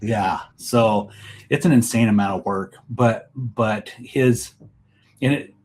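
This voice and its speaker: A man's voice: lowish voice, slow pace, darkish tone, breathy edge. A man guest on a hunting podcast, telling rambling anecdotes in casual conversation over a remote call. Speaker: guest, elk hunting expert.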